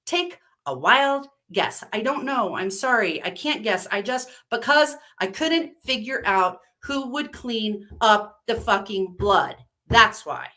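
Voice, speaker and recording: A woman on the edge of a breakdown, furious and tearful, in a spoken horror story. Her lines come out raised and strained, pushing up into a higher, louder register than the reader's own lowish voice. A woman reader acts her out. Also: animated, a little slow, few pauses. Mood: cornered, desperate. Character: frazzled middle-aged woman cracking up, furious and tearful.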